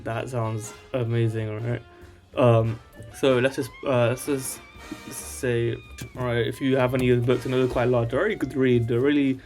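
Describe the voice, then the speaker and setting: A man hosts a casual screen-share tutorial in a medium-pitched, darkish voice. He rambles along, constantly checking in with "alright?"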